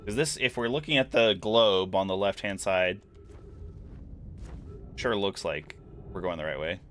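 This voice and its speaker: Low-voiced man musing over gameplay. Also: a little slow, slight background noise. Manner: musing aloud, relaxed, rambling. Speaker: gaming streamer. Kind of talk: casual gameplay commentary.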